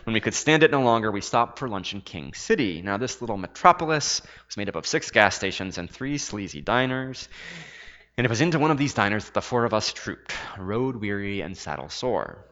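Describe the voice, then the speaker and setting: Low-voiced man reading a story expressively. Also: fairly quick, long reverb tail, lo-fi sound. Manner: expressive, dramatic readings with soft hushed asides. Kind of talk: reading a first-person story aloud.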